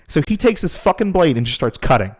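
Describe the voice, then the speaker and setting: A man on a podcast, casually and excitedly retelling a story and swearing freely. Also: a little high, fast. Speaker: podcast host. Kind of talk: casual chat.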